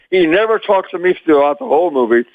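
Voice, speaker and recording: A man's voice: fairly high pitch, no room sound. Older man over a tinny phone line. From Memphis, Tennessee. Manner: lively storyteller, chuckles often. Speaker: guest, former child actor. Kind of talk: animated storytelling interview.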